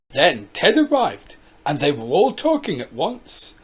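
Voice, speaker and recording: Storybook reader, children's story, slow, husky, lively pitch. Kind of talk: reading a children's story aloud.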